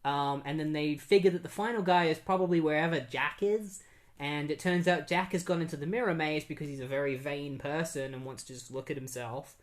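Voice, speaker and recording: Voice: mid-range voice, a little fast. A podcast host casually recapping a comic book issue, chatty and with many fillers.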